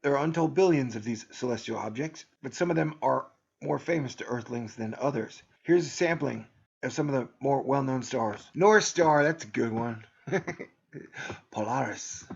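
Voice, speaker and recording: A man talks in a loose, sarcastic monologue for his own video channel, rambling and laughing at his own jokes. His voice is gravelly and a little husky at a middling pitch. The recording sounds dull and lo-fi. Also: lively intonation, moderate pace. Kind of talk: casual joking monologue.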